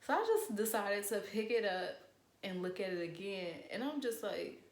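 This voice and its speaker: A young woman in casual storytime chat, animated and profane, acting out what people said. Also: medium pitch, unhurried, echoey room. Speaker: vlogger.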